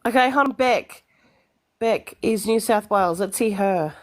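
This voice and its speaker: A woman's voice: medium pitch, a little slow. A woman from Melbourne with a broad Australian accent, chatting casually on a livestream, blunt and self-deprecating.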